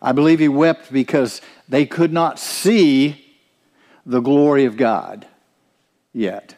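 A man's voice: medium pitch, slow pace, darkish tone, long reverb tail. A man preaching a sermon, earnest and direct, often turning to ask the listeners questions. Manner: earnest, asks the congregation questions.

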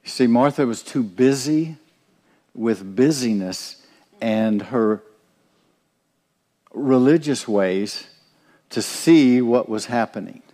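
A man's voice: medium pitch, takes it slowly, long pauses, warm tone, big-room sound. A man preaching a sermon, earnest and direct, often turning to ask the listeners questions. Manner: earnest, asks the congregation questions.

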